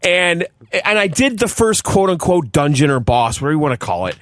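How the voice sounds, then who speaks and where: A podcast host, a man, riffs in a lively, swinging voice that sits a bit high. He swears freely and talks with a lot of animation. The sound is close and dry. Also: fairly quick, no echo. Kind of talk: casual chat.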